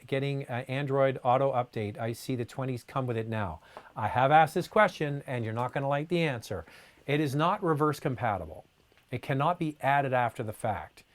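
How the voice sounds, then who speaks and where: Chatty man hosting a live Q&A. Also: mid-range voice. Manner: casual, chatty, reads comments aloud with many fillers. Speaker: host answering viewer questions. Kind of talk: live Q&A chat.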